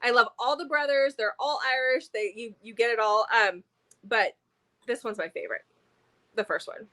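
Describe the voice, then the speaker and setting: Bright-voiced chatty woman reviewer. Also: a little high, normal speed. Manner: chatty, enthusiastic, many fillers. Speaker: book reviewer co-host. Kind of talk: casual book review chat.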